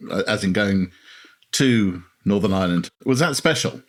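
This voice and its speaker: A man hosting a podcast interview, putting questions to his guest in a brisk, wry manner. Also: lowish voice, lively intonation. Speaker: podcast host. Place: indoors over a lunch table.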